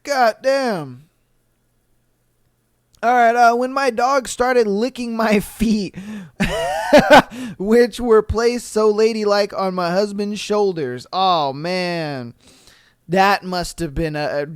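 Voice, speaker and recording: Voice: mid-range voice, clean tone, dry recording, studio quality. Laughing, profane podcast host. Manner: profane, laughing, animated reactions. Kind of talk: reading and reacting to listener stories.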